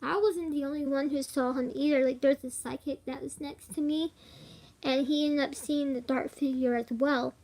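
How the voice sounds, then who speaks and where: High-voiced woman telling a ghost story. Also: fairly even intonation, normal speed, a little mellow. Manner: rambling, filler-heavy, giggly. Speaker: vlogger. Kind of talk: casual storytelling to camera.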